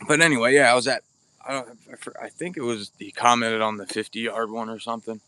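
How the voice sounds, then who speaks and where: A man's voice: mid-range voice, fairly even intonation, a little fast, sharp tone, dry recording. Chatty bowhunter man, dry sound. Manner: chatty, greets viewers by name, blunt and informal. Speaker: bowhunting livestream host. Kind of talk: casual live-stream chat. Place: outdoors at an archery practice spot. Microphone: camera or phone mic without external microphone.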